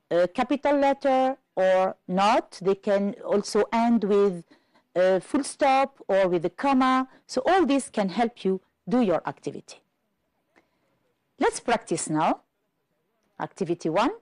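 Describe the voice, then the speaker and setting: A woman from Algeria teaching an English exam-prep lesson on television, explaining carefully and slowly. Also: medium pitch, expressive, a little mellow, no room sound, rough recording. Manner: slow, careful classroom explanation.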